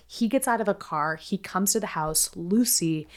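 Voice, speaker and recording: A woman's voice: medium pitch, normal speed. A woman co-hosting a podcast, recounting a true-crime case in a casual, chatty way with lots of filler words and the odd swear. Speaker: podcast co-host.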